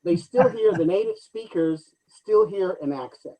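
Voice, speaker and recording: A man's voice: high-pitched, moderate pace, dark tone, a little hiss or hum, low-quality recording. A man, a guest actor, chatting animatedly in an interview and telling stories with frequent fillers. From United States. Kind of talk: casual interview chat.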